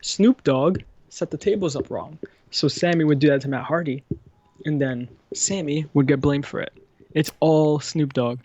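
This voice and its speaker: A man co-hosting a wrestling podcast, talking excitedly and spinning gossipy theories in a casual chat. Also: fairly high pitch, normal speed, lo-fi sound. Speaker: podcast co-host.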